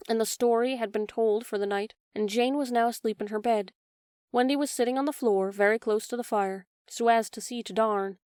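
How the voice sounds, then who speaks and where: Gentle woman storybook narrator. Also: on the high side, clear, resonant tone, dry recording, clean studio sound. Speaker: audiobook narrator. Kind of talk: scripted narration.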